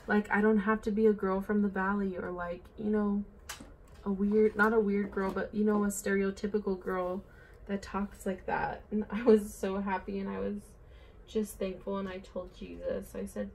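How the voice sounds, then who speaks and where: A woman's voice: mid-range voice, flat delivery, normal speed, vocal fry, a little mellow, a little hiss or hum. A young woman chatting casually while she fills in her planner, rambling and bubbly, saying "like" and "oh my gosh" often. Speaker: planner vlogger. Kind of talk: casual chatty plan-with-me vlog.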